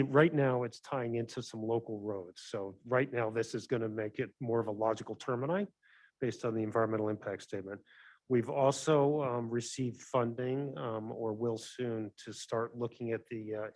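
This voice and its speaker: A man's voice: medium pitch, a little mellow, dry recording, poor audio. A man, a transportation director, answering a council question with some ums and restarts. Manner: explains with fillers and restarts. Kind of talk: answering questions at public meeting. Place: council meeting room.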